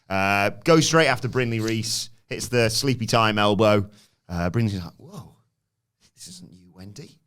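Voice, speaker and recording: A man's voice: deep voice, a bit bright, clear, resonant tone. A man recapping a wrestling match move by move on a podcast. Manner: plain play-by-play recap.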